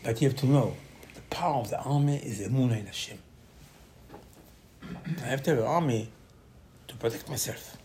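A man teaching a Torah class as an animated story. He acts out quoted voices with sudden loud bursts and mixes Hebrew terms into his English. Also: mid-range voice, moderate pace, pauses often, a little hiss or hum.

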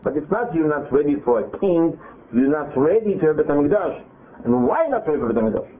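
A man teaches a Torah lesson, acting out the scripture as back-and-forth dialogue and often restarting mid-sentence. His fairly high voice leaps about in pitch as he talks. The sound is thin and tinny, like a phone line. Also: a little fast. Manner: lively, retells scripture in quoted dialogue, frequent restarts. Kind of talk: animated Torah class.

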